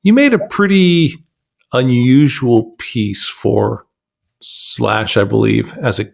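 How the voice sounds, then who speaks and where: A man's voice: medium pitch, takes it slowly, gravelly. A man hosting a podcast, asking loose, meandering questions in casual interview chat. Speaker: podcast host.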